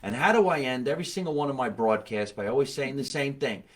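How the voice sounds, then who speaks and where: A man's voice: mid-range voice, quick pace. A middle-aged man hosting a casual comedy podcast, joking brashly and wrapping up with plugs and catchphrases. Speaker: podcast host.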